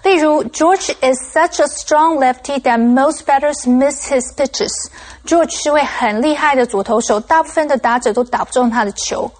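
A high-voiced woman explains vocabulary in a quick scripted segment. She reads example sentences briskly and clearly. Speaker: language lab teacher.

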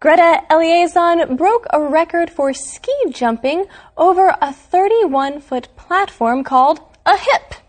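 A woman with a high, bright voice hosts a reading lesson at an unhurried pace. She sets up each point plainly and reads the text aloud for listeners to follow. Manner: friendly, explanatory, reads passages aloud. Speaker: language lesson host.

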